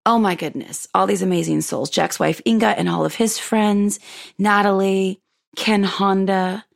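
A woman hosting a show, chatting warmly through a personal story, laughing often and acting out what people said. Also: medium pitch, steady tone, measured pace, gravelly. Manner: effusive and chatty, laughs often, retells dialogue. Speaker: podcast host.

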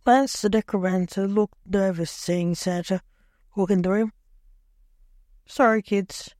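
A storyteller reading a dark comic holiday tale in plain, measured narration. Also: medium pitch, fairly even intonation, dry recording, studio quality.

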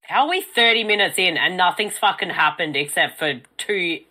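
A woman's voice: on the low side, animated, normal speed, sharp tone, low-quality recording. A woman bluntly swearing her way through a casual movie commentary chat. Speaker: podcast co-host.

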